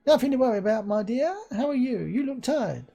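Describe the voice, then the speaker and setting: A woman's voice: on the high side, expressive, a little fast, creaky, warm tone, husky, soft background music, voice pushed up, exaggerated voice. A woman voicing a doting older mother with an odd put-on accent, fussing and calling her child dear and love. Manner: fussy, soothing, calls everyone dear and love.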